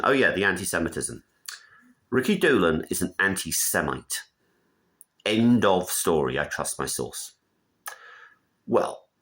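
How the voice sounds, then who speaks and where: A man's voice: low-pitched, fairly bright tone. A man delivering a blunt, opinionated monologue that wanders from point to point. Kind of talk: casual rambling monologue.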